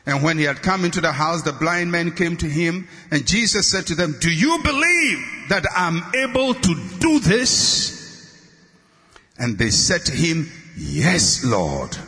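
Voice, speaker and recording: Shouting preacher in a reverberant hall. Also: male voice, big pitch swings, measured pace. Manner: impassioned, rising to shouts and dropping low on refrains. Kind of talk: sermon.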